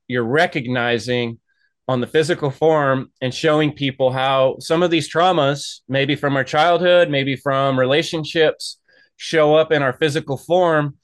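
A man's voice: mid-range voice, dry recording. A man hosting an interview, telling stories in a rambling, chatty way. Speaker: host. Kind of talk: casual interview chat.

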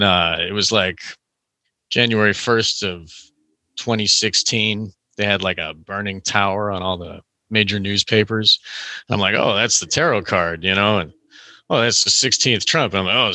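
A man's voice: fairly low pitch, bright, forceful tone, no echo. A young man telling a long story in casual chat, rambling with lots of "like" and "you know".

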